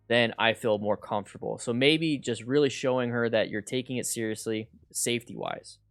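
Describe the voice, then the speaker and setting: A man's voice: mid-range voice, moderate pace, hardly any pauses, fairly bright tone. Middle-aged guy hosting a live q&a from home, headset mic, lots of restarts, faint music under it. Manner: chatty, repeats words, reads viewer questions aloud. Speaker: motorcycle coach and livestream host. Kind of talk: casual live Q&A chat. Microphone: headset mic with noise gate.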